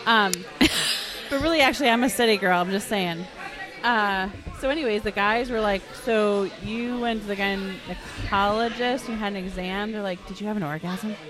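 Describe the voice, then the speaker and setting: A woman in her thirties from Wisconsin who co-hosts a casual podcast chat, chatty and quick with blunt follow-up questions. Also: medium pitch, crowd noise.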